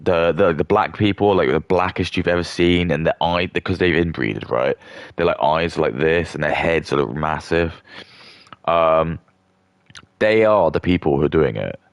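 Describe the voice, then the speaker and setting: A man's voice: a bass voice, normal speed, no echo, clean studio sound. A young man rambling through a contemptuous rant as a streamer. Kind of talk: ranting casual monologue.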